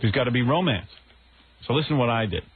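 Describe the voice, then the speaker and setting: A man's voice: medium pitch, animated, fast talker, slightly rough. A middle-aged man hosting a radio show, telling a raunchy story in a brash, boastful way and acting out the quotes. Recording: tinny phone-like radio audio with faint hiss.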